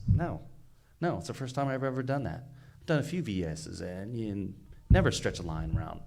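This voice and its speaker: A man's voice: lowish voice, animated, fairly quick, creaky, a little mellow. A man, a fire battalion chief, telling a rescue story in casual podcast chat, earnest and emphatic, often stumbling and repeating words. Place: recorded live on location at a fire expo.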